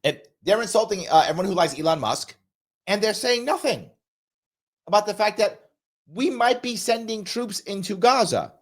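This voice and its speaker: A man's voice: high voice, animated, normal speed. A man hosting a political commentary livestream, emphatic and repetitive, reading out viewer super chats while getting over a cold. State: recovering from a cold, coughing.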